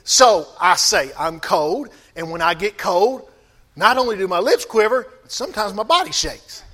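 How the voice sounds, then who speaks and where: A man's voice: high-pitched, animated, normal speed, pushed and bright. A man pastor preaching a sermon, calling out to the congregation for responses.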